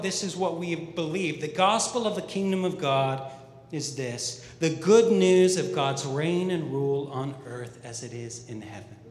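A pastor from the American Midwest, with a slightly higher voice, preaches in a joking, conversational way. His voice rings through a church auditorium. The long reverb makes it sound roomy and distant. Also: slight background noise. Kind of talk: sermon. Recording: echoey hall with long reverb.

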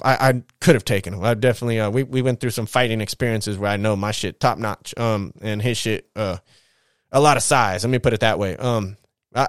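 A man talks through his own past in loose, profanity-filled street slang, slipping into the voices of the people he describes. His voice is smooth and clear, at an ordinary pitch. The sound is close and dry. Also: dry recording. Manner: animated retelling with quoted voices. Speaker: podcast host telling his life story. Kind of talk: casual storytelling monologue.

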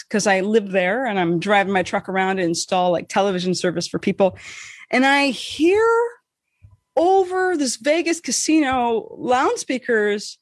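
A woman co-hosting a podcast, telling a story in casual chat, animated and swearing freely, acting out the voices she quotes. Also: mid-range voice, dry recording, studio quality. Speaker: podcast co-host.

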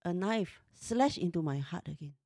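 A woman's voice: on the low side, lively intonation, normal speed, mellow, dry recording, studio quality. Exasperated woman in her fifties. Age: 50s. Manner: emotional, exasperated retelling. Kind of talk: personal storytelling.

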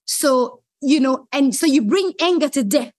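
Woman, high pitched, animated storyteller, dry recording. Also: a little slow, no room sound. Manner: excitable, acts out dialogue with rising pitch. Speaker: guest sharing a faith testimony.

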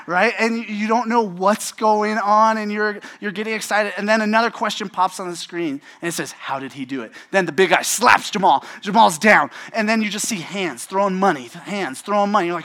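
Young male preacher, slightly high voice, casual lively storytelling sermon. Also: normal speed. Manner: animated storytelling, acts out quotes.

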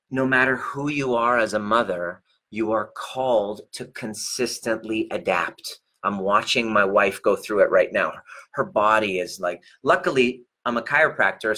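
Husky-voiced man, bright and animated. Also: fairly low pitch. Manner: profane, animated, laughs often. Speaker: relationship coach and chiropractor. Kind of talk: casual monologue to viewers.

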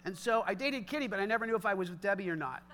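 A man preaches with an animated energy and talks straight to his congregation. His voice is unusually high for a man. The tone is bright and ringing. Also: very fast, a little hiss or hum. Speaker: pastor. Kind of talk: sermon.

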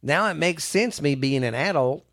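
A man in his forties chats casually as a podcast co-host, with a slightly high voice. He retells movie scenes in a rambling way, swearing freely and stumbling over his words. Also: lively intonation, moderate pace, fairly bright tone, no room sound, studio quality. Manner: rambling, profane movie retelling with acted quotes. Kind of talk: casual chat.

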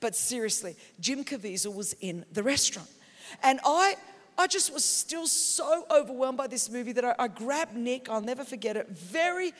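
An Australian woman preaching a sermon, telling stories with passion and breaking into shouts. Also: fairly high pitch, expressive, normal speed. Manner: passionate, storytelling, bursts into shouts. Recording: long hall reverb in a big venue.

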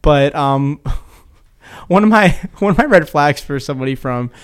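A man's voice: fairly high pitch, animated, a little slow, clean tone. A young man in his twenties, a podcast guest, chatting casually, rambling with fillers and laughing at himself. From Kent County, Maryland. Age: 20s. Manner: giggly, self-deprecating, rambling with fillers.

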